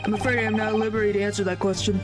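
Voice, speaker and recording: A woman voicing a stiff male police inspector who talks formally and evasively, over loud game music. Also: medium pitch, little pitch movement, rapid-fire, lightly acted.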